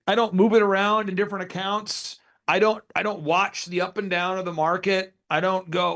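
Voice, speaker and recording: A man's voice: sits high, normal speed. A man in his forties, a business consultant guest on a podcast interview, telling stories energetically and acting out what others said. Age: 40s. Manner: energetic storyteller who acts out quotes.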